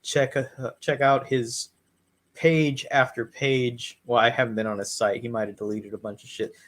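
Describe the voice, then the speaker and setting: A man's voice: fairly low pitch, steady tone, fairly quick, a bit bright. A man co-hosting a podcast, chatting casually in a crude, profane and wisecracking way, rambling through recaps. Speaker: podcast co-host.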